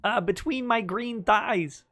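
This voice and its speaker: A man putting on a high, drawling frog puppet, goofy and crooning, with a pinched, bright tone that sits well above his speaking voice and slows to a lazy drawl. It comes across as a playful livestream impression. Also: exaggerated voice. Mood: silly flirt. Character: Kermit-style frog puppet, male, goofy.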